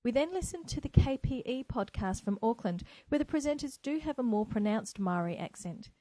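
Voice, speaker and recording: A woman's voice: a little high, lively intonation, fairly quick, dark tone, dry recording, poor audio. A woman teacher from New Zealand hosting her own podcast, speaking earnestly and with enthusiasm. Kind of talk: solo educational podcast. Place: home, by a window. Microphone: microphone.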